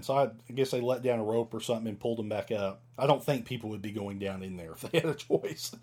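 A man's voice: mid-range voice, brisk, dark tone. A man talks through a scripture passage in a loose, conversational manner, full of fillers and small restarts. He trips over archaic words as he reads aloud, then explains in everyday terms. His voice sits in an ordinary middle range. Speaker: Bible teacher. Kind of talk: Bible study teaching, reading and commenting.

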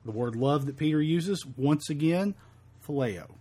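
A man's voice: fairly high pitch, lively intonation, mellow, slightly rough. A man leading a verse-by-verse Bible study, quoting scripture in old-fashioned wording and often stumbling and repeating words. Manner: halting, repeats words, fills with um and uh. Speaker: Bible teacher.

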